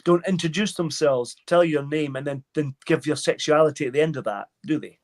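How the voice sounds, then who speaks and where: A man's voice: fairly high pitch, brisk. A man in a casual chat, sounding frustrated and agreeing often.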